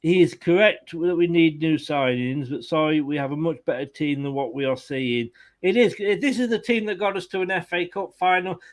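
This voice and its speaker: A man's voice: fairly high pitch, moderate pace, hardly any pauses. A man hosting a fan channel's post-match chat, reading viewer comments aloud with exasperation and the odd swear.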